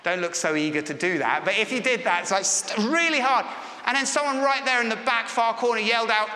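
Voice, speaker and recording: Preacher in an echoey church. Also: male voice, extremely high pitch, lively intonation, brisk, hardly any pauses, pushed and bright. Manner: conversational, asks the congregation questions. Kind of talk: sermon. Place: church hall. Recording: echoey hall with long reverb.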